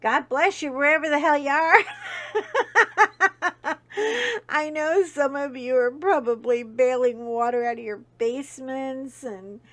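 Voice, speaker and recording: A middle-aged woman, hosting a casual coloring vlog and chatting with her viewers, telling stories with bursts of laughter. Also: high-pitched. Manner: chatty, warm-hearted storyteller with bursts of laughter.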